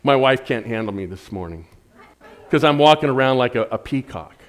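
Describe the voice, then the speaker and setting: A middle-aged man plays a pastor, his medium-pitched voice animated and a little quick as he delivers a conversational sermon full of humor, rhetorical questions and playful asides. His dynamics swing widely, from loud and emphatic down to soft.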